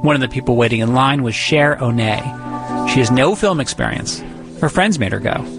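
A man's voice: medium pitch, animated, moderate pace, creaky, over music. A man from the Boston area, narrating a radio feature in a conversational, lightly wry tone. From Boston area, USA. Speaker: radio reporter and host.

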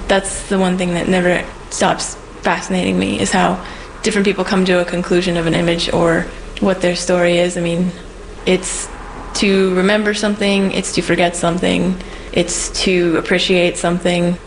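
Female tattoo artist, reflective interviewee with a low, creaky voice. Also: flat delivery, brisk, slight background noise, poor audio. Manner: thoughtful, musing. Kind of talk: personal interview.

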